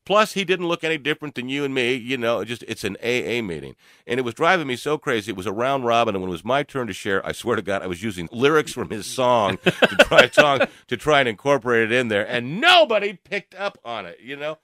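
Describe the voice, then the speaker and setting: An older man co-hosting a radio talk show, telling a personal story in an animated way with frequent laughs and fillers. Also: medium pitch, brisk. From Louisville, Kentucky area. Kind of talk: storytelling in casual chat.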